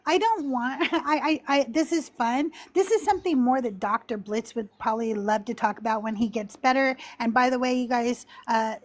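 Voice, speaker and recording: A woman hosting a call-in debate with a somewhat high voice. She talks in a lively, forceful way, cuts in with rapid repeats, and drops swear words when riled. She is heard over a remote call mic. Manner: animated, interrupts, swears when angry. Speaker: podcast host. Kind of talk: heated debate chat.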